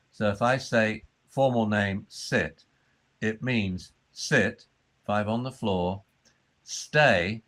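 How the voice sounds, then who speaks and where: A man explaining dog training in a conversation, acting out the voices he uses with dogs. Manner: acts out high fussy voices and low calm commands.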